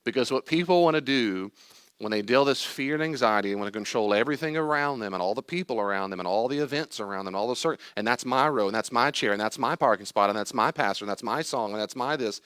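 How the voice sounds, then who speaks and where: An older man teaching a group about anxiety in a lively way, acting out anxious worries and calm replies. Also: medium pitch, quick pace, clean tone, no room sound, studio quality. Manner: emphatic, acts out anxious and calm inner voices. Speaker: teacher leading a class on anxiety.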